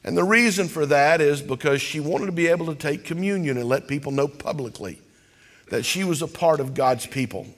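Man, pastor, impassioned sermon, slightly high voice, echoing sanctuary. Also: brisk. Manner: impassioned preaching, building to loud cries.

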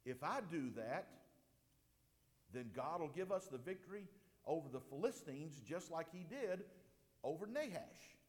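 A man preaching a sermon with emphatic delivery, slowing down to stress points and swinging his voice up and down. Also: fairly high pitch, lively intonation, in a large hall. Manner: emphatic preaching, slows for stress, rises and drops sharply. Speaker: pastor.

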